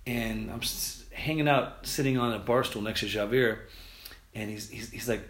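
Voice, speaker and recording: An American man hosting a podcast, talking casually and quickly, rambling with restarts and fillers. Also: mid-range voice, fairly even intonation, a bit bright. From United States. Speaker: podcast host. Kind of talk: casual solo podcast monologue. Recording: roomy echo.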